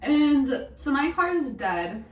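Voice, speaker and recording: A woman's voice: high voice, sing-song, slow, a little mellow, far from the mic. Chatty young woman in an echoey room. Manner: chatty, swears often, laughs through the story. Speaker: vlogger. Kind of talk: casual storytime vlog. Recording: echoey room, mic set back, faint hiss.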